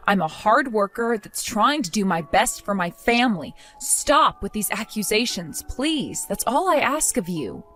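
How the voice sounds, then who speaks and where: A woman's voice: medium pitch, a bit bright, natural voice. A young woman voicing a hardworking wife who defends herself with exasperation. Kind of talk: text-story voice acting.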